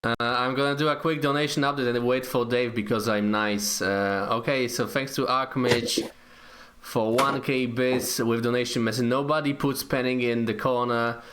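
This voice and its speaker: A man's voice: medium pitch, fairly even intonation, moderate pace, a bit bright, slight background noise. A man co-hosting a casual live stream, reading out donation thanks in an easygoing way. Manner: easygoing, reads donations aloud. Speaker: co-host.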